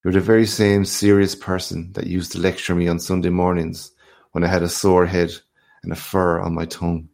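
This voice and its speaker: Boastful hearty newsman read by a man, low gravelly voice, big swaggering talk. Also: moderate pace. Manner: boisterous, swaggering, lively questions. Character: boastful hearty male journalist back from abroad.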